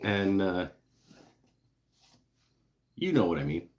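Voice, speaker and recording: Deep-voiced guy hosting a woodworking livestream, laid back, rambles and swears a bit. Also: big pitch swings, slow pace, darkish tone. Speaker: woodworking channel host. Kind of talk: casual live-stream chat.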